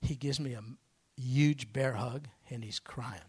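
A man's voice: medium pitch, measured pace, darkish tone, slightly rough. A man preaching a sermon from the pulpit, telling stories with folksy phrasing and sudden bursts of emphasis. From United States. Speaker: pastor.

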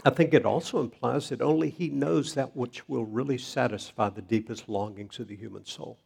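Man, pastor, sermon, husky, gravelly, measured scripture reading. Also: mid-range voice, a little mellow.

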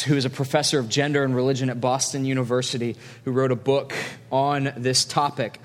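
A man, a pastor, preaching a conversational sermon in a church and telling stories with quoted asides. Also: medium pitch. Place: church hall. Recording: long hall reverb.

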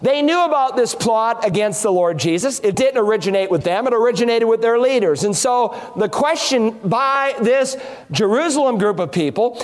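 A man's voice: very high-pitched, animated, normal speed. A man, a pastor preaching an emphatic expository sermon that leans on rhetorical questions.

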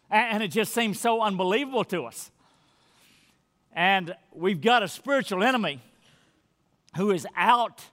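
A man preaching a sermon as pastor, earnest and emphatic, often dropping to a soft near-whisper. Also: high voice, big-room sound.

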